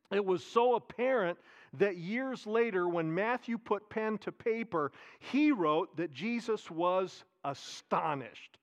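A man delivers a sermon in a fairly high voice. He preaches with animation, repeating his key phrases for emphasis. He swings between raised emphasis and quiet, hushed asides. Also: lively intonation, slow pace. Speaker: pastor.

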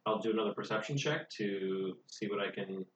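A man's voice: on the low side, fairly quick. A man playing a tabletop game casually, joking and laughing often. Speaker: player. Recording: distant echoey muffled mic.

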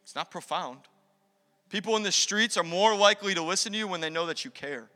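High bright preaching man in a hall. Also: fairly quick. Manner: energetic, conversational preaching with acted asides. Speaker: pastor. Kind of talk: sermon. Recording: long hall reverb.

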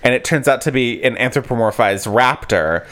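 A man's voice: medium pitch, animated, normal speed, fairly bright tone. A man co-hosting a chatty podcast, recapping a story in a loose, rambling way. His voice sits in a middle register but swings widely up and down as he gets into it. He keeps stopping and restarting as he works through the plot. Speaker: podcast co-host. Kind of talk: casual chat, retelling a book.

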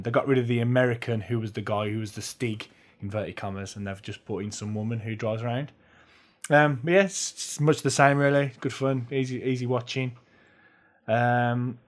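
A man co-hosting a podcast, giving rambling, casual explanations with plenty of fillers. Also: medium pitch. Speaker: podcast co-host. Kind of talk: casual chat.

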